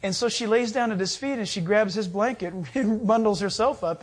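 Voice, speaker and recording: Brief: preacher, mid-pitch voice, casual storytelling sermon, loose and chatty. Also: fairly quick, hardly any pauses, breathy edge. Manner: conversational storytelling with fillers.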